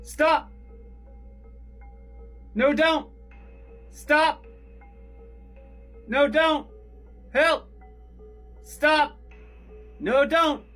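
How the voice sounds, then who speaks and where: A man's voice: very slow, pauses often, a bit bright, soft background music, exaggerated voice. A man voicing a pack of predatory dinosaurs that imitate the panicked cries of their human victims. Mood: frantic. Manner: shrill desperate screaming. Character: Dilophosaurus pack mimicking frantic human cries.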